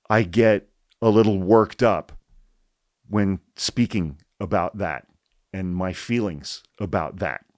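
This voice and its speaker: Guy ranting on his podcast, lowish voice, swears a lot, repeats himself to hammer it home. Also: no echo, clean studio sound. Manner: blunt, heated, swears often, repeats points for emphasis. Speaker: podcast host. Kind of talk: political commentary podcast, reading an article aloud.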